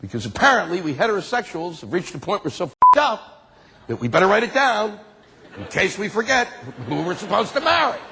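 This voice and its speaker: A man doing a stand-up routine, ranting in disbelief with lively delivery. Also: high-pitched, fairly quick, gravelly, a little hiss or hum. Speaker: stand-up comedian. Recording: live hall with long reverb.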